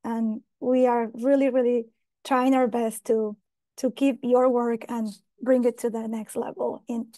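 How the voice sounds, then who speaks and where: A woman's voice: a little high, little pitch movement, a little slow, warm tone, no room sound, clean studio sound. A woman presenting on a video call, emotional and apologetic, flustered by screen sharing. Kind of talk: online conference talk.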